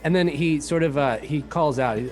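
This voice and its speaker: A man playing a tabletop game, talking in a hesitant, soft-spoken way. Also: a little high, moderate pace, soft background music. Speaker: player. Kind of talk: casual tabletop play.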